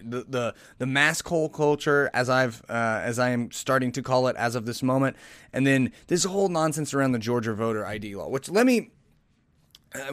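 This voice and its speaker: A man's voice: mid-range voice, no echo. Sarcastic rambling male podcast host. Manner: rambling, sarcastic, frequent restarts. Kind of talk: casual commentary reading satire headlines.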